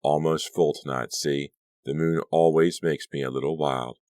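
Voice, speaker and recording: A man voicing a cocky, wild teenage boy who teases his friends loudly. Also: extremely low pitch, steady tone, moderate pace, no room sound, clean studio sound. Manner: brash, teasing, loud.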